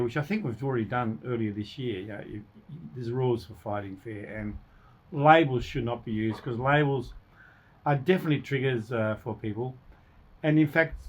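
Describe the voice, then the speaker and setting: A man's voice: medium pitch, slightly rough. Man, radio co-host; casual, rambling chat, acts out quoted insults. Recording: radio studio.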